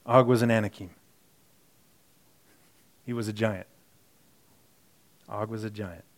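Speaking slowly in a lowish, steady voice, a pastor preaches conversationally. His sermon swings widely between soft asides and emphatic bursts, with frequent self-corrections and repeated words.

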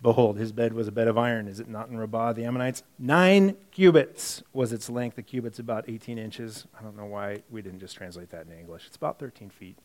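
A low-voiced pastor preaches quickly with hardly any pauses and fairly even intonation. The sermon is conversational, ranging from quiet asides to forceful bursts, and he keeps repeating words and correcting himself.

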